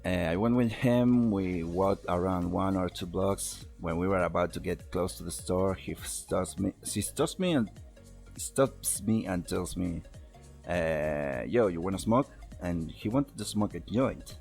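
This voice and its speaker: A man's voice: sits low, measured pace, gravelly, darkish tone, soft background music. A young man telling a personal story on a voice call, rambling, swearing and laughing at himself. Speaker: podcast host telling a story. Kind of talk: casual storytelling over a voice call.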